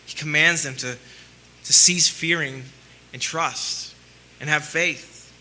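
A man preaching a sermon, asking rhetorical questions and swinging between loud emphasis and quiet, low lines. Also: steady tone, slow pace, long pauses, slight background noise. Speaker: pastor.

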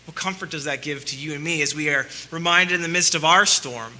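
Man, pastor, sermon, very bright tone, rhetorical questions, loud-soft swings. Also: fairly high pitch, a little fast.

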